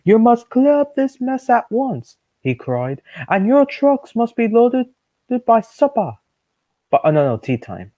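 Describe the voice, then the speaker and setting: A man voicing a stern, cross male railway controller, doing a British imitation with a high, strained scolding voice. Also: very animated, unhurried, warm tone, heavily acted. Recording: dull lo-fi stream audio.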